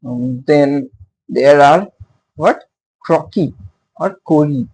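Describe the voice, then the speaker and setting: A man teaches at an unhurried pace, asking his listeners questions and stopping for many fillers. His voice is gravelly and a little husky, and his pitch rises and falls a lot. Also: darkish tone, rough recording. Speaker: literature teacher. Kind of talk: casual classroom-style explanation.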